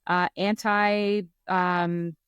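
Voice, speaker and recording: Lively, self-mocking woman telling a story. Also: on the low side, extremely slow, smooth, no room sound. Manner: animated, self-mocking, acts out quotes. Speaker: podcast co-host. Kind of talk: casual storytelling chat.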